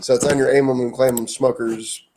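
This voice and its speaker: A man's voice: mid-range voice, level tone, a little fast, mellow. A man co-hosts a casual podcast in an ordinary mid-range voice. He speaks plainly and bluntly, and he swears now and then. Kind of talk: casual chat.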